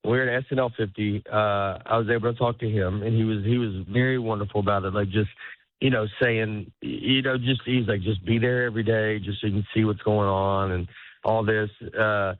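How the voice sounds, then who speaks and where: A comedian talking as a guest in a casual interview, rambling and cutting himself off, laughing often. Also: male voice, fairly low pitch, fairly even intonation, brisk, no room sound. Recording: tinny phone-like line.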